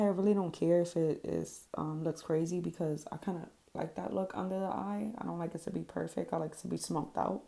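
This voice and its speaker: This makeup vlogger has a lowish, dark voice with vocal fry. She narrates her routine casually in a tutorial voice-over, candidly swearing and filling gaps with ums.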